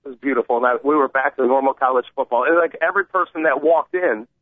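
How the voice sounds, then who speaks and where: A man co-hosting a casual sports talk show, telling a rambling, excitable story with many restarts. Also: medium pitch, quick pace, no room sound, phone-quality sound. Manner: rambling, excitable storyteller who acts out the people he quotes. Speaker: co-host.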